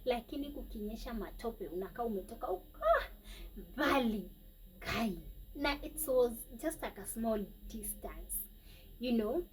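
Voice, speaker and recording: Kenyan woman vlogging her story, slow and halting, bit of a high voice, mic kinda far off. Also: expressive. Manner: emotional, halting, with sighs and pauses. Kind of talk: personal storytelling. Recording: distant mic, faint background noise.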